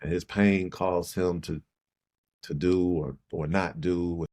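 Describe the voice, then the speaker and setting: A middle-aged man from Chicago, a poet and podcast guest, tells a personal story in a reflective, halting way and repeats phrases for emphasis. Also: low-pitched, steady tone, darkish tone.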